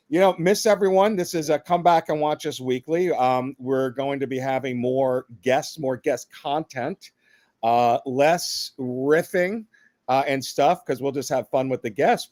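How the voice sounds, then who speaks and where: A man co-hosting a podcast, speaking at an ordinary male pitch. He keeps up a playful, mock-dramatic tone and a loose, conversational delivery. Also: darkish tone. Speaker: podcast co-host. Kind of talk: casual chat.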